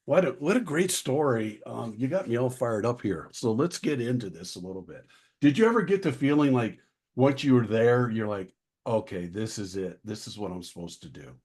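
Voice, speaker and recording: A man's voice: medium pitch, expressive, moderate pace, a little mellow, husky. A man hosting a podcast interview, encouraging his guest with short affirmations. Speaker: podcast host.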